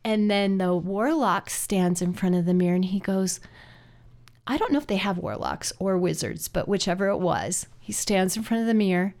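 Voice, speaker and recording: A woman's voice: mid-range voice, moderate pace, darkish tone. A woman hosting a podcast and running a law firm, chatty and upbeat, often laughing. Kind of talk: casual chat.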